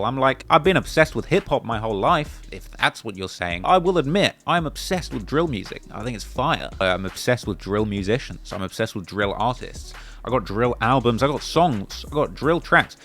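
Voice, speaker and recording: Animated English man reading out comments. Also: mid-range voice, a little fast. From England. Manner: animated and emphatic, mimics accents when making a point. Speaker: YouTube commentator. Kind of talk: reading and answering viewer comments.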